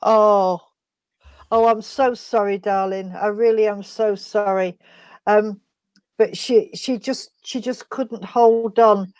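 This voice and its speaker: A woman giving an emotional mediumship reading, speaking in a halting, tender way and calling the listener sweetheart. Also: mid-range voice, fairly even intonation, a little mellow, smooth, no room sound. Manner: halting, tender, full of endearments. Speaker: spiritualist medium.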